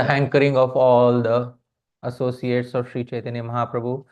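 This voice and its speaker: A man giving a devotional lecture on poetry who keeps addressing his listeners as dear devotees, asks them questions and chants verses slowly before translating them. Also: medium pitch, flat delivery, darkish tone. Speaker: speaker giving a scripture class. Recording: slightly muffled recording.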